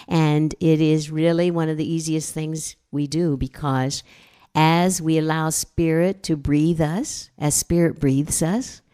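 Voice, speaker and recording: A woman in her fifties preaching a guest sermon in a gentle, meditative way, acting out her inner dialogues. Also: deep voice. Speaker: guest minister. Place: church sanctuary.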